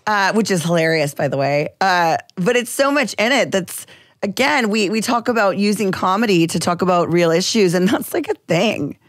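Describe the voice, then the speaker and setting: A woman's voice: mid-range voice, normal speed, no room sound. Give me a candid, emphatic woman co-hosting a podcast, recorded dry. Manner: candid, emphatic, swears freely. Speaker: podcast co-host. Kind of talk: casual chat.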